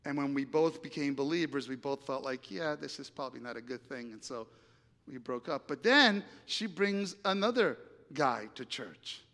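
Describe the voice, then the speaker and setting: A man preaching, telling a personal story with lively acted-out dialogue and big swings between loud and hushed lines. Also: medium pitch, normal speed. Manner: animated storyteller acting out dialogue, dramatic volume swings. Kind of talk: sermon storytelling. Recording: reverberant hall.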